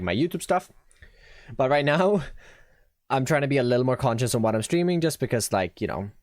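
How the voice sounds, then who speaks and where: A man with a Swedish accent streaming live, thinking out loud as he builds and chatting easily with his viewers. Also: lowish voice, no room sound, studio quality. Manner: thinks aloud, chatty, reads chat and answers viewers. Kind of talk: casual live-stream chat while building.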